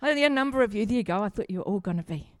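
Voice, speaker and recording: A woman's voice: mid-range voice, lively intonation, racing, no echo, clean studio sound. A middle-aged woman, preaching a sermon in a chatty, humorous way and asking the congregation questions. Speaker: pastor. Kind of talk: sermon with personal stories.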